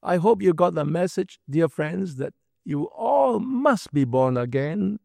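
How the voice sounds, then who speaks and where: A man's voice: high voice, lively intonation, unhurried, gravelly, darkish tone, dry recording, studio quality. A man preaching a sermon through a Bible passage, emphatic and full of rhetorical questions.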